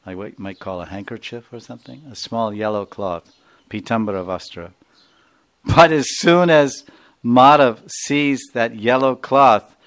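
A man giving a sermon, telling a devotional story and explaining its terms. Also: on the low side. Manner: explains terms, laughs, acts out figures.

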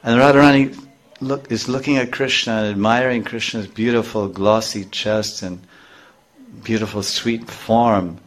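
A middle-aged man giving a scripture class to a live group, explaining verses line by line and briefly acting out the characters' voices. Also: fairly low pitch. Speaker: spiritual teacher.

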